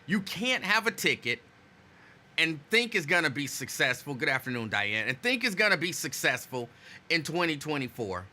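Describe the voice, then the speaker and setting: A man hosting a casual live stream, greeting viewers by name and chatting loosely while saying his energy is low. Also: sing-song, normal speed, bright, forceful tone. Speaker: host.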